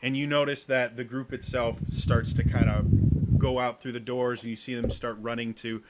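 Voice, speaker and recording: A man's voice: medium pitch, little pitch movement, normal speed, noisy background. A man narrating as game master of a tabletop game, describing scenes with many fillers.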